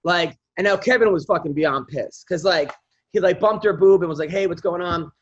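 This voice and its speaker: Man, high voice, profane animated storyteller, dull lo-fi sound. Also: a little fast. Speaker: podcast guest comedian. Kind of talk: casual storytelling chat. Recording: dull lo-fi audio.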